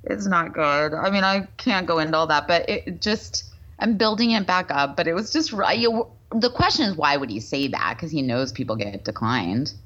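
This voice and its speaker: A woman co-hosts a chatty podcast, telling stories with a lively, animated delivery and acting out the people she quotes. Her voice sits low. The recording sounds a little dull and lo-fi. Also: moderate pace. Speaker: podcast co-host. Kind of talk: casual chat. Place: Los Angeles.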